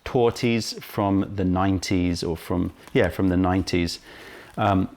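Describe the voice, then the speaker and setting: A man presenting a casual tea-tasting vlog, highly caffeinated, chatty and full of self-interrupting asides, filmed on a camera right in front of his face. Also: steady tone, unhurried, a little mellow. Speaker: tea shop owner and presenter.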